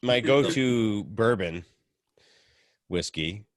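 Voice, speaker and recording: A man's voice: lowish voice, expressive, very slow, no echo, studio quality. A man chatting casually on a group podcast, telling stories in a rambling, laid-back way with lots of fillers. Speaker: podcast co-host.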